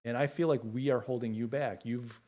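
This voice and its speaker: A middle-aged man talks straight to his viewers on a casual home livestream. His voice sits at an ordinary middle pitch, and his speech is heartfelt and halting, full of small fillers. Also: steady tone, dark tone. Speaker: livestream host.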